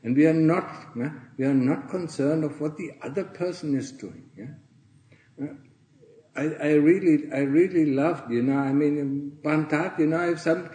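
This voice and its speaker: A fairly high-voiced man gives a Dharma talk as a monk, speaking earnestly and ending almost every phrase with a questioning "yeah?" or "huh?". He clears his throat often, and his voice rings around an echoey monastery room. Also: mellow. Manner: earnest, tags nearly every phrase with 'yeah?' or 'huh?'. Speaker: Buddhist monk teaching fellow monastics. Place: monastery in Thailand.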